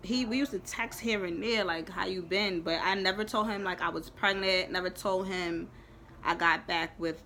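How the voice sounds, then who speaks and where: A young woman telling a storytime in a lively, profane, emphatic way. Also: mid-range voice, moderate pace, a little hiss or hum. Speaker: vlogger. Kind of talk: storytime chat.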